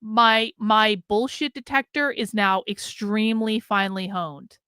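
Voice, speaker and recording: A woman's voice: mid-range voice, a little slow, pushed and bright, clear, resonant tone, no echo, clean studio sound. A woman streaming a casual, candid monologue, swearing freely and laughing often, with an American accent. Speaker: streamer and commentator.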